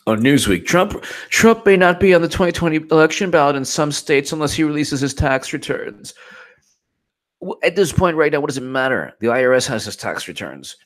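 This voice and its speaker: A man's voice: fairly high pitch, lively intonation, fairly quick. A man hosting his own political commentary channel, talking off the cuff in a sarcastic, incredulous and exasperated way.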